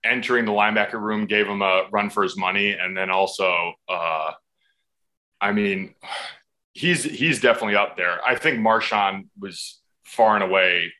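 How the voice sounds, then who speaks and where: A man's voice: on the low side, normal speed, bright, forceful tone. A football player in his thirties telling casual, profane anecdotes as a podcast guest. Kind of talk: casual storytelling.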